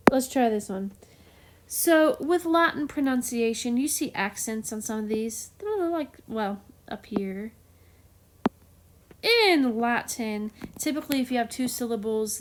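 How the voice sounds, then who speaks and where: A woman with a somewhat high voice teaches chant in a casual, chatty way. She is openly enthusiastic and playful about the material. She talks with plenty of fillers and little laughs. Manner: enthusiastic, playful, self-described geek. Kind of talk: casual explanatory lesson.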